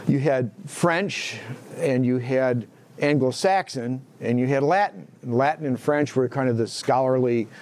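A man's voice: mid-range voice, a little slow, darkish tone. A man teaching a Bible class in a conversational way, asking the class questions, echoing their answers and restarting phrases as he thinks aloud.

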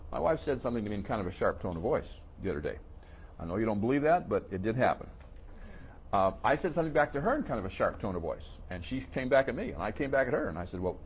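A man preaching a sermon to a congregation, asking questions and playing out the listeners' doubts in a higher voice. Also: highs cut off, slight background noise. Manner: animated, voices the questioners in a high mocking tone.

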